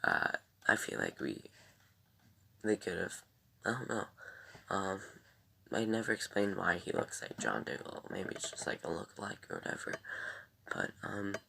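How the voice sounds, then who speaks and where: A man's voice: low-pitched, animated, measured pace, vocal fry, pauses often, sharp tone, slight background noise. A man reviewing a TV episode in casual, rambling chat, full of ums and sighs.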